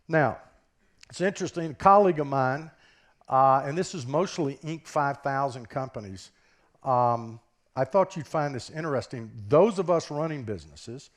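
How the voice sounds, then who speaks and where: Speaking into a stage mic at a conference keynote, this Southern US business professor keeps things conversational and frequently checks in with listeners via rhetorical questions. His voice is medium-pitched.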